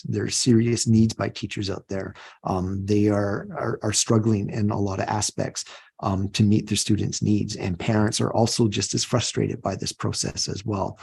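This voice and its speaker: A man's voice: fairly low pitch, gravelly, a little mellow, husky. A middle-aged man, a union president, talking earnestly in a podcast interview and often repeating words as he thinks. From Canada.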